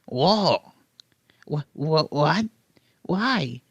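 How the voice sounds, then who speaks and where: A man's voice: on the high side, animated, drawn-out words, fairly bright tone, husky, no echo, voice pushed up, heavily acted. A man voicing a nervous, confused little dinosaur with stammering, squealing lines.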